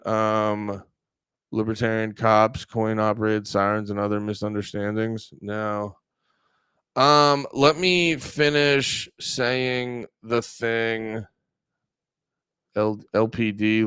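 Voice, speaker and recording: A man hosts a casual livestream, rambling, joking, and swearing a lot as he speaks directly to his chat. His medium-pitched voice is clear, resonant, and a bit bright, recorded in clean studio sound with no room noise.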